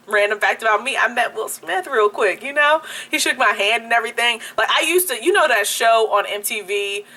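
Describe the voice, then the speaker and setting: A young woman vlogger telling a story-time anecdote in a casual, animated way, laughing often. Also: medium pitch. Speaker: beauty YouTuber.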